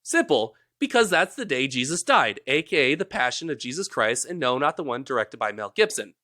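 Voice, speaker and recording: A man's voice: mid-range voice, big pitch swings, fairly quick, bright, forceful tone, no echo, studio quality. A man hosting a casual podcast, explaining history in a rambling, jokey, self-correcting way. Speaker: podcast host presenting research.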